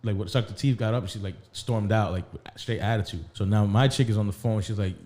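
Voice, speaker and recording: Man, podcast host, laid-back storyteller, mellow middle voice. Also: fairly low pitch, fairly even intonation, fast. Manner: laid-back storyteller, acts out quoted dialogue.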